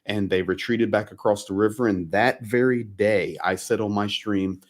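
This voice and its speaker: A man's voice: on the low side, steady tone, normal speed. A man hosting a live stream who speaks emphatically and insistently. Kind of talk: casual live-stream conversation.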